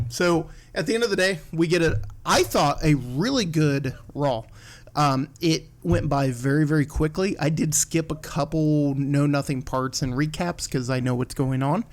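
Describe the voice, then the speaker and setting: A man hosting a casual wrestling podcast from home, animated, swearing and laughing as he acts out what others said. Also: a little high, normal speed. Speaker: podcast host.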